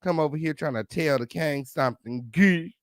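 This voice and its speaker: Brash, foul-mouthed gossip host, dry sound. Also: male voice, a little high, moderate pace, no echo. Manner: brash, sassy, swearing, repeats "okay" and "period". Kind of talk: profane celebrity gossip commentary.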